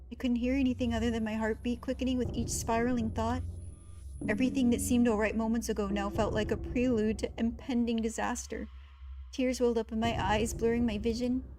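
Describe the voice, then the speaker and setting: A woman's voice: fairly high pitch, brisk, noisy background. A young woman streamer reading a visual novel game aloud, voicing its story with feeling and chatting between lines. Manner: expressive, voicing the inner monologue with rising panic.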